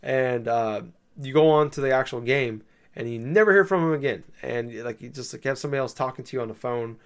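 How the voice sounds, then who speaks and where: A man's voice: mid-range voice, a little fast. A man in casual chat, rambling with many fillers, swearing and laughing as he recounts playing a game.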